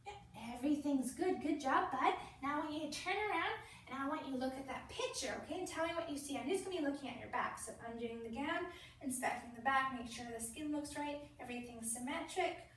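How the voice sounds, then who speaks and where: A young woman student nurse walks through a child's exam step by step, switching to a playful sing-song voice for the patient. Her voice sits high, and she is recorded from across a strongly echoing practice room with faint background hum. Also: fast, fairly bright tone. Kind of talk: demonstrating a clinical assessment. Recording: very echoey room, voice from a distance.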